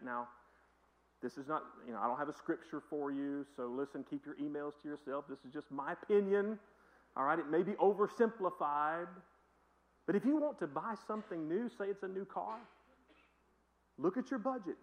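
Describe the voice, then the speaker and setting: A man's voice: a little high, fairly quick, low-quality recording. A male pastor preaching a sermon in a conversational, emphatic way with joking asides.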